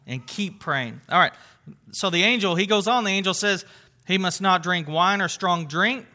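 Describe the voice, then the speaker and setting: A man with a high, piercingly bright voice teaches scripture in a conversational sermon. He talks earnestly, leaning on words of wonder, and often stops to restart a phrase or fill a pause. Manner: earnest, with frequent fillers and restarts, emphatic exclamations. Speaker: Bible teacher.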